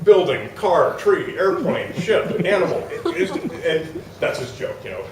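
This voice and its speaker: A man's voice: a little high, measured pace, roomy sound, recorded from a distance, very noisy. A man on a conference stage telling a funny anecdote, acting out the people in it and laughing as he goes. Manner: animated, acts out quotes, laughs while telling. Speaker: storyteller on stage. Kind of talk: live comic anecdote. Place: conference hall, live audience.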